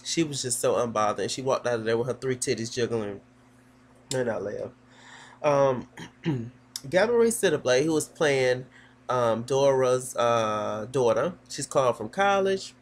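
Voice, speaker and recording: A man's voice: medium pitch, slight background noise. A man giving a casual, gossipy recap of a TV episode, sassy and full of fillers.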